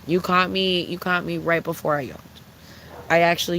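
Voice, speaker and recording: Young streamer with a gravelly, profane ranting voice. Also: medium pitch, normal speed, long pauses, slight background noise, low-quality recording. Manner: blunt, profane, ranting with lively swings. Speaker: livestreamer chatting with viewers. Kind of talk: casual unscripted stream chat.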